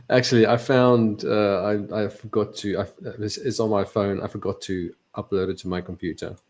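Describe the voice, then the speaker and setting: A man's voice: lowish voice, steady tone, normal speed, a little mellow. A man co-hosting a trading podcast, joking, laughing often and asking questions. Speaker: co-host. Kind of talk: casual podcast banter.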